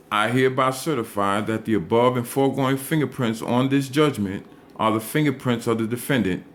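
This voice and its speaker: A man explaining a legal statute, reading it aloud slowly and stressing and repeating key words. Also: medium pitch.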